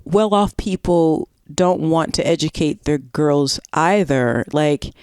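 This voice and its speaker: A woman's voice: low-pitched, slow, a little mellow, clear, resonant tone, no room sound, clean studio sound. An American woman co-hosting a podcast, chatting casually with wry, joking interjections. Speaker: podcast co-host. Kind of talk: casual chat.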